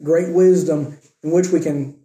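A man preaching a sermon with earnest emphasis, swinging between raised emphatic points and quiet, soft asides. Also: on the high side, fairly even intonation, a little slow, reverberant. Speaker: pastor.

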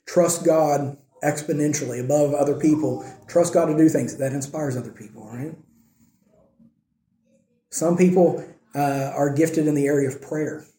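A man's voice: fairly high pitch, mellow, echoey room. A male pastor preaching a sermon in a conversational way, reading verses and checking in with his listeners.

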